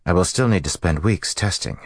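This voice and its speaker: A man voicing a curt, stern female bomb-maker in an audiobook, speaking in a flat, formal, vaguely hostile way. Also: low-pitched, a little fast, breathy edge, no room sound, studio quality, pitched above the performer's own voice. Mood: firm. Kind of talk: audiobook character voice.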